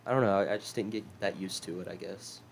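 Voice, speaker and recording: A man's voice: low voice, fast, vocal fry, a little hiss or hum. A young man from South Carolina co-hosting a podcast, chatting casually, laughing often and swearing now and then. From South Carolina, USA. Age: young adult. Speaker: podcast co-host. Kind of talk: casual chat.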